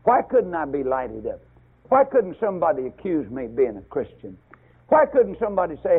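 An older man preaching a fiery sermon, climbing to loud emphatic bursts and then dropping low. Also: very animated, normal speed, slightly rough. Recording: tinny lo-fi radio broadcast.

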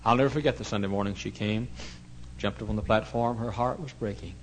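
Pastor, male, lowish voice, emotional storytelling sermon, hush-to-loud swings. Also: moderate pace, a little hiss or hum, rough recording.

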